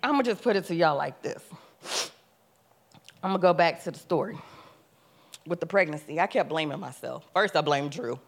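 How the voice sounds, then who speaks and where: This young adult woman has a low-pitched voice with vocal fry, lively intonation, a moderate pace and long pauses. In her church testimony she tells her story with animation, acts out her past words, and climbs to loud, emphatic preaching.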